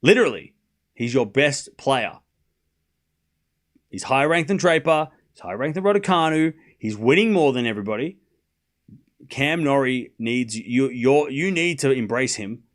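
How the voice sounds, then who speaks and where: Speaking at normal speed with medium pitch, an Australian tennis stream host delivers a casual, mocking rant. He's animated and talks to his chat head-on.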